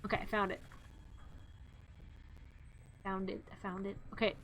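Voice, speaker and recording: A woman streamer in a casual, animated rant, exasperated and laughing between complaints. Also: medium pitch, moderate pace, a little hiss or hum.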